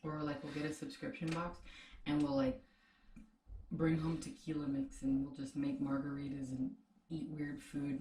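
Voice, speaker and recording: A woman's voice: low-pitched, normal speed, dark tone, roomy sound, distant mic, a little hiss or hum. A woman co-hosting a snack tasting show, chatting casually with her partner and teasing him.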